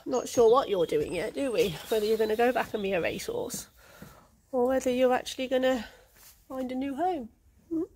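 A woman's voice: fairly high pitch, fairly quick, a little mellow, a little hiss or hum. A woman running a racehorse retraining yard, chatting casually in a rambling way with lots of ums. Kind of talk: casual vlog chat.

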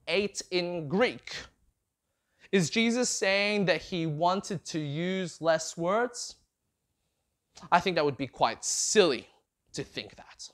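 A man's voice: high voice, slow. A man preaching a sermon, often putting rhetorical questions to his listeners. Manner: asks the congregation many rhetorical questions; expressive, rising and falling delivery.

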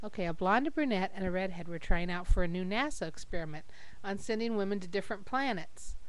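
A woman reading jokes aloud to a webcam at home in a lively storytelling voice, jumping up high for the silly characters. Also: fast talker, slight background noise, poor audio. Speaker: joke teller. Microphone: webcam microphone.

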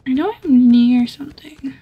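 A woman's voice: high-pitched, moderate pace, breathy edge, muffled recording. A woman streaming a shooter game, chatting to herself in a rambling, giggly way. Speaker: gamer streaming solo play. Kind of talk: casual gaming commentary.

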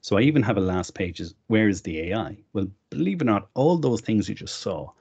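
Presenter, middle-aged man, deep voice with gravelly fry, casual demo talk, dull lo-fi stream audio. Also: lively intonation, fairly quick, a little mellow. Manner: conversational, explains while clicking through. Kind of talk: live online tech demo.

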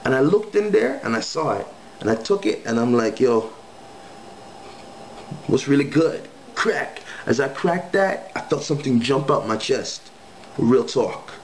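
A man's voice: mid-range voice, sing-song, normal speed, a little hiss or hum, rough recording. A young man casually telling a spiritual testimony story in slangy speech, acting out the quoted lines. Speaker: guest giving testimony.

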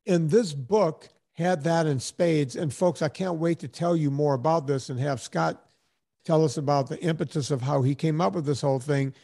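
A fifties-aged podcast host with a voice that sits a little high for a man. He rambles through his stories in a relaxed, chatty way, jumping into lively impressions whenever he quotes someone. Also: moderate pace, vocal fry. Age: 50s. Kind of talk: casual storytelling chat.

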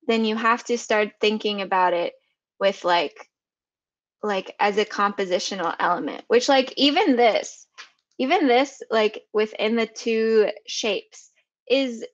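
A woman talks through a design tutorial in a loose, chatty way, with lots of "like" and "um" and many restarts. Her voice sits at a middle pitch. The sound is dry and slightly dull. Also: no echo. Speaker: motion designer. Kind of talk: casual screen-share tutorial.

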